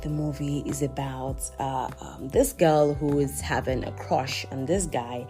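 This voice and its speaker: Over faint music, a woman with a bass voice talks at a measured pace as she hosts a podcast. She tells a confessional story in a chatty, animated way, full of laughing asides in which she talks to herself.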